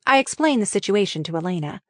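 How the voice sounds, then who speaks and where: A woman's voice: mid-range voice, expressive, fast, a bit bright, no room sound. A woman reading her memoir as an audiobook, frank and wryly candid in delivery. Her voice sits in a middle register, recorded close on a studio mic in a dry, dead booth.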